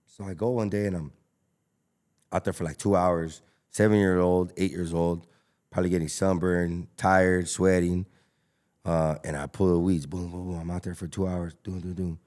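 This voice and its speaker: Lively slangy Los man. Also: deep voice, moderate pace. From Los Angeles. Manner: animated storyteller, slangy, acts out dialogue. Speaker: guest, taco restaurant owner. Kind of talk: casual podcast interview.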